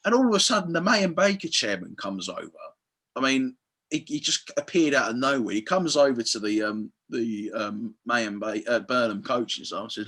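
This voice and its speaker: Bright-voiced man telling footie stories. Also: medium pitch, a little fast, slightly rough. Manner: animated storyteller, swears freely, acts out quotes. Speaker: football fan guest. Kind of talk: casual podcast chat.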